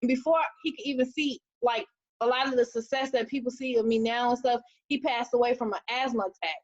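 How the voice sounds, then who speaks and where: Woman, thirties, high voice, animated motivational webinar talk, lo-fi dull audio. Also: a little fast. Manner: animated, preachy, acts out quotes in a high voice. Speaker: team leader.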